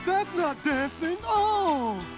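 An excitable cartoon teen girl. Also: very high voice, slow pace, over loud music, full character voice. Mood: shocked. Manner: exclaiming, excitable. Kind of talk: TV cartoon voice acting.

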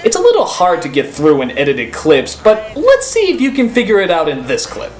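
A woman hosting a comedic film review, sarcastic and ranting with shouting bursts. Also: on the low side, huge pitch swings, fairly quick, reverberant, background noise. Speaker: film review show host.

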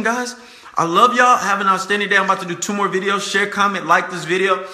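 A man's voice: high voice, steady tone, fast talker, bright, forceful tone. A young man giving a fervent, preachy motivational talk to camera, repeating his points and calling his viewers "guys.". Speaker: motivational speaker. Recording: echoey room.

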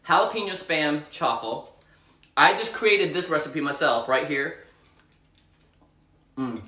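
A man's voice: on the high side, lively intonation, slow pace, bright, forceful tone, echoey room, recorded from a distance. A man chatting bubbly and gushing while he cooks on a live stream from his home kitchen. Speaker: home cooking vlogger. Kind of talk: live cooking stream chat.

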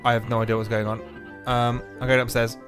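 A man's voice: mid-range voice, level tone, quick pace, over music. A man playing a video game and giving goofy, self-mocking, rambling let's play commentary. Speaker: gaming youtuber.

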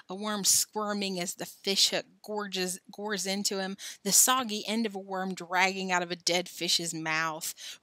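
A woman's voice: medium pitch, pushed and bright, no room sound. A woman voicing a tired, queasy young boy in a storybook, subdued in manner.

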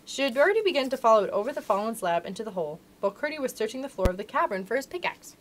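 Librarian lady reading a story out loud, voice a bit high, super expressive. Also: rapid-fire. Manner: expressive, animated. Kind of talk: storybook read-aloud.

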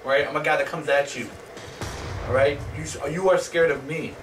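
A man hosting live gameplay commentary, excitable, swearing and yelling at opponents. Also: on the high side, a little fast, soft background music. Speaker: gaming channel host. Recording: distant mic, noisy background.

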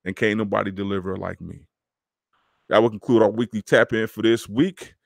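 A low-voiced man hosts his own podcast, talking in a loose, slangy, preachy way. His voice sits close and dry, with no room sound around it. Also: fairly even intonation, brisk, creaky, no echo. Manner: casual, preachy, slangy, addresses listeners as dog. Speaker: podcast host. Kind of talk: motivational podcast monologue.

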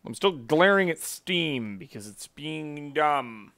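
A man's voice: fairly high pitch, expressive, slow pace, pushed and bright. A man streaming live, ranting in a profane, exasperated way at his computer.

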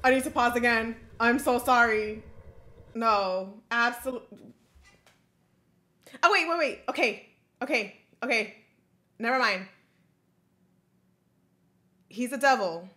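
A woman hosting an anime reaction video, talking to herself with excitable, emotional outbursts. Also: on the high side, takes it slowly, pauses often. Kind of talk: live reaction commentary.

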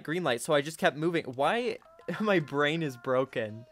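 A man giving casual gameplay commentary, talking to himself and breaking into sudden high-pitched outbursts at a desk microphone. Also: animated, moderate pace, faint music behind. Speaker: gaming channel host.

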